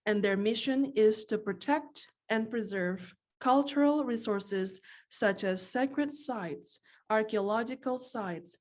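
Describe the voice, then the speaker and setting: A woman reading a church offering announcement in a measured, clear, deliberate way. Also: fairly high pitch, darkish tone.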